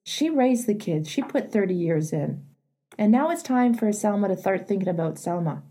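A woman's voice: mid-range voice, animated, moderate pace, warm tone, breathy edge. A middle-aged woman hosting an advice show, earnestly coaching a caller in a plainspoken, emphatic way.

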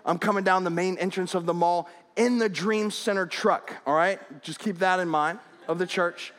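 High-voiced pastor in a reverberant hall. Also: male voice, moderate pace, fairly bright tone. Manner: conversational, humorous storytelling with frequent restarts. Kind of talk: sermon.

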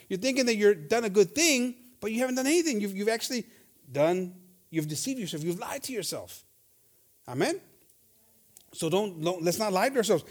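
A man preaching a bilingual sermon, reading scripture slowly and acting out the voices of his listeners. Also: high-pitched. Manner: switches between Spanish and English, reads scripture slowly; acts out congregants' voices, animated. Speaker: pastor.

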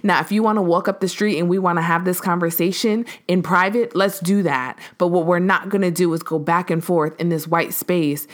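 A woman hosting a podcast, telling a story in a casual, animated way, acting out the voices of the people in it and using lots of fillers. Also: lowish voice, a little fast, hardly any pauses. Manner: animated, acts out quoted voices, frequent fillers. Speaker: podcast host.

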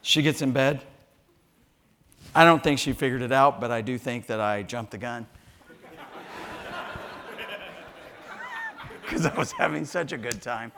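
A man in his sixties telling a funny story in a sermon, animated and jokey, acting out voices. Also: mid-range voice, normal speed, some chatter behind, slight background noise. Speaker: pastor.

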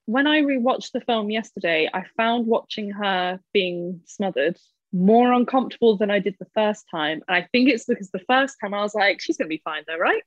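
A woman talking through a film in a relaxed, animated way, laughing as she mimics characters. Her voice sits mid-range, and the recording sounds muffled and dry, close to the mic in a small space. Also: medium pitch, normal speed, no echo. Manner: animated, laughs and acts out quoted lines. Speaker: podcast co-host discussing a film. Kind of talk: casual chat.

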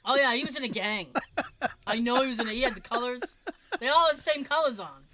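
Young woman co-host, bright edge, animated and salty in casual chat. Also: on the high side, fast talker. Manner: animated, swearing storyteller.

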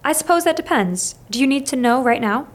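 A woman voicing a quiet, evasive man in a storybook reading, giving slow, noncommittal replies. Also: high voice, animated, pitched above the performer's own voice.

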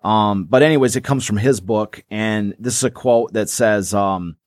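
A man's voice: lowish voice, normal speed, dry recording, clean studio sound. A man co-hosting a podcast, chatting casually about sports history and rambling with many restarts and fillers. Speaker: podcast co-host.

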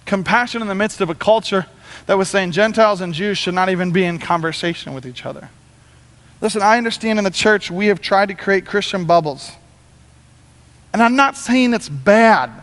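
A man preaching a sermon as pastor, talking in an animated, conversational way. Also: high voice, normal speed, big-room sound.

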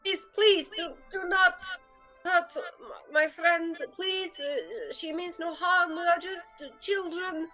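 A woman's voice: very high voice, takes it slowly, bright, forceful tone, faint music behind, pitched above the performer's own voice, exaggerated voice, poor audio. A woman voicing a timid young boy who stammers and begs for mercy for his friend. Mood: pleading. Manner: stammering, begging.

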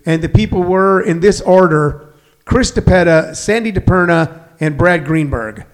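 A man with a high voice hosts a call-in radio show from the studio. He chats loosely, laughs easily, and fills pauses with plenty of ums and uhs. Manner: chatty, laughs easily, many fillers. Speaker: radio host, former stand-up. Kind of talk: casual radio interview.

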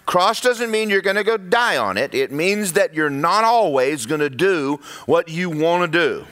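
Lively, animated man preaching. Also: sits high, moderate pace. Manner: animated preaching, mimics congregation voices. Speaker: pastor. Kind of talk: sermon. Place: church.

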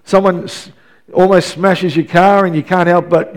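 A man preaching a sermon as pastor, chatty and repetitive, rising into loud, emphatic passages. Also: high-pitched, flat delivery, normal speed. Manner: conversational, repeats words and restarts, rises to loud emphatic passages.

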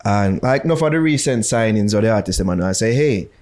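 A man's voice: lowish voice, animated, quick pace, darkish tone. A man hosting a casual podcast interview, slipping into patois. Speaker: podcast host.

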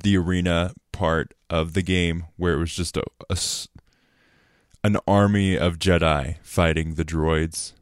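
A man hosting a casual podcast chat, eager and quick to agree enthusiastically. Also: low voice, steady tone, clean tone, no room sound, studio quality. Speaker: podcast host.

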